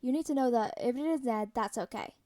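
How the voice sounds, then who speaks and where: A woman's voice: on the high side, fairly quick, dark tone, lightly acted. A woman reading the lines of a brash, rambling, protective middle-aged man in a story read aloud. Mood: fatherly.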